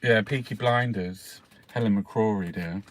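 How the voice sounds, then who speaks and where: A man's voice: on the low side, a little slow. An Irish man hosting a casual newspaper review, rambling and swearing freely as he talks. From Ireland. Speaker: host.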